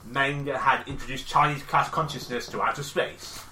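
Deadpan man in an echoey room. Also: medium pitch, normal speed, crowd noise. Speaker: podcast co-host. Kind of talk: casual podcast banter, reading a story aloud.

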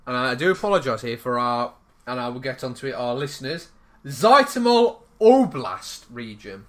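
A man's voice: fairly high pitch, a bit bright. A man co-hosting a casual comedic podcast, reading odd news stories aloud and laughing through them.

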